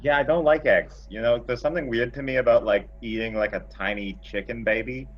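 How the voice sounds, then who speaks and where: A man's voice: medium pitch, fairly even intonation, a little fast. A man player bantering in character in a tabletop game, bored and whiny, over a video call. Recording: dull video-call audio.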